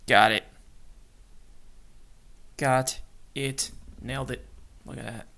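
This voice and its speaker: Slow, gravelly man muttering while building. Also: medium pitch, fairly even intonation, pushed and bright. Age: adult with children. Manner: mutters and whispers to himself while working; self-mocking, jokey asides. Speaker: model kit builder. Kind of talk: hobby build video narration.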